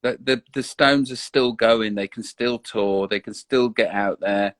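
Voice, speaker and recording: A man's voice: on the low side, unhurried, a bit bright, no echo. A man, chatting casually on a live video stream, often stumbling and restarting his sentences. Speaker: guest. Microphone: online live video call.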